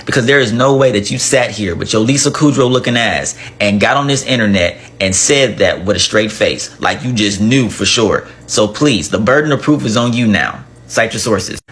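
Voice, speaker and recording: A man's voice: fairly low pitch, lively intonation, moderate pace, hardly any pauses, a bit bright. A man gives a sarcastic reaction rant to camera and demands evidence over and over. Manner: demanding, sarcastic, repeats himself. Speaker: commentator.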